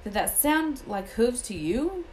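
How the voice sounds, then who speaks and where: A woman voicing a huge, gruff male gamekeeper in a storybook reading, brusque and rustic in manner. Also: fairly high pitch, very animated, measured pace, darkish tone, a little hiss or hum, voice pushed up, low-quality recording. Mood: gruff impatient.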